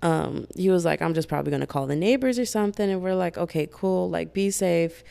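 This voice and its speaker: A young woman telling a personal story in a casual storytime vlog, animated and chatty, full of fillers, acting out what others said. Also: on the low side, gravelly, clear, resonant tone. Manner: animated, fast-talking, many fillers, voices quoted lines loudly.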